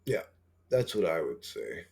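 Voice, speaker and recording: A man's voice: very animated, unhurried, creaky, a little mellow. A man rambling casually as a channel host, swearing often and full of fillers and restarts. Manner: acts out quoted dialogue in a higher voice.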